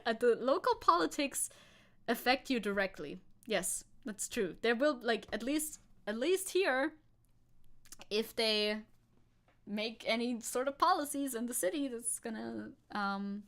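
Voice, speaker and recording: A woman's voice: fairly high pitch, animated, measured pace, fairly bright tone. A woman VTuber chatting sarcastically through news on a livestream, laughing often. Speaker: VTuber streamer.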